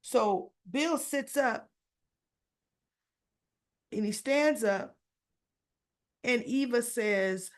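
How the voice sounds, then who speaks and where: A woman's voice: a little high, drawn-out words, long pauses. A woman recapping a soap opera episode in a chatty, casual way, quoting the characters' lines as she tells the story.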